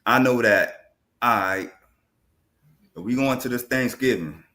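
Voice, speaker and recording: A man from Jamaica, a podcast guest, telling animated stories in casual chat and acting out family conversations with laughter. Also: mid-range voice, a little slow.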